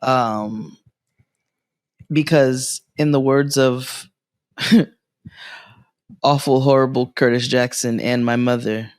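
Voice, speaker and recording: A man's voice: medium pitch, no echo, studio quality. A man co-hosting a podcast, telling a story in casual chat and acting out the people in it, laughing often. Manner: animated storyteller, jumps into quoted voices, laughs often. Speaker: podcast co-host.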